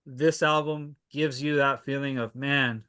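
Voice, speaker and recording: Man, casual music recommender, slow and halting, bright tone. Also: mid-range voice, steady tone, clean tone. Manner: unhurried, hesitant with many fillers and restarts. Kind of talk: casual chat.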